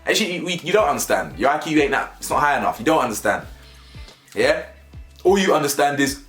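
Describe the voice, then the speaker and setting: A man's voice: on the high side, very animated, brisk, fairly bright tone, faint music behind. A young man with a London accent, ranting to camera in a rambling, slangy, emphatic way and repeating his points. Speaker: vlogger. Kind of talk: opinionated rant to camera. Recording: echoey room.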